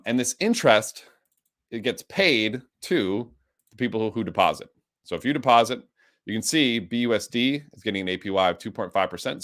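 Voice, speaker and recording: A man with the hiccups, teaching a live coding lesson with an enthusiastic, energetic way of explaining. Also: lowish voice. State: has the hiccups. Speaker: instructor.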